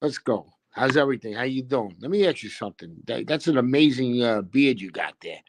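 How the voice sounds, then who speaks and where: Loud joking guest guy, wiseguy banter about his bets. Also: medium pitch, lively intonation, slight background noise. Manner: brash, joking, fast-talking wiseguy banter. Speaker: sports betting guest. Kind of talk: casual podcast chat.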